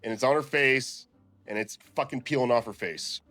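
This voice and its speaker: Casual co-host, adult man, crude and laid-back, mid-pitched voice, faint music underneath. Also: moderate pace, a bit bright, dry recording. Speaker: podcast co-host. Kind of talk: casual movie recap chat.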